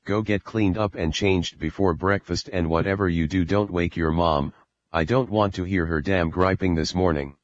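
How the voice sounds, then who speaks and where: A furious, short-tempered father barking insults at his child, read by a man in a very low voice. The sound is dry and a little muffled, like an audiobook on a lo-fi recording. He scolds and threatens in every line. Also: fairly even intonation, moderate pace, no room sound, close to an everyday voice. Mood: angry scolding. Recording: dull lo-fi recording.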